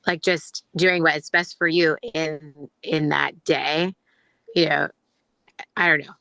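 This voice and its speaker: A woman's voice: deep voice, steady tone, slow, vocal fry, sharp tone, no echo. A woman chatting in a book club, hedging her points with lots of "like" and "you know.". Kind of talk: casual group discussion.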